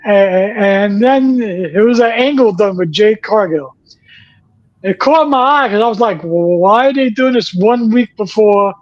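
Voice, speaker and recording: A man's voice: high-pitched, lo-fi sound. A man hosting a casual chat, telling stories in a rambling way with many restarts. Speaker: podcast host.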